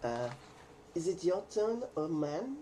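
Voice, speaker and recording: A man's voice: on the high side, sing-song, slow, background noise. An American man hosting a casual card-opening video, joking around in a put-on mock French accent. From United States. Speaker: card-breaking video host.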